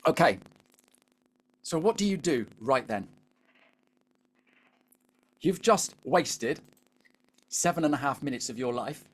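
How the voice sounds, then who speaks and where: A man's voice: medium pitch, slightly rough. Chatty British man coaching a webinar. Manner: chatty, keeps asking the audience "all right?". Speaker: LinkedIn coach. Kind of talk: live webinar coaching talk.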